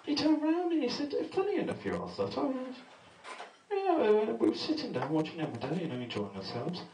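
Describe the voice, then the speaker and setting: A man's voice: sits high, sing-song, fairly quick. A man doing a crude first stand-up set at a pub comedy night, telling rude stories and acting out the other voices. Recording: echoey, noisy amateur pub recording from far off.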